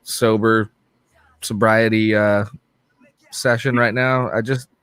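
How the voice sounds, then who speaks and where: Male co-host, lowish voice, blunt and swearing, dry mic. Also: flat delivery, slow pace, fairly bright tone, smooth, no room sound. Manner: candid, swears freely. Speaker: podcast co-host. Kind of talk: casual chat.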